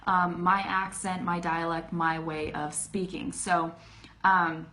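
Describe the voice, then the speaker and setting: A woman's voice: medium pitch, a bit bright. Chatty Californian woman teaching English live. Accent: Californian American English. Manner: chatty and informal, lots of fillers and self-corrections; voice rises and falls, stresses certain words. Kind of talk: live-streamed English lesson. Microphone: phone.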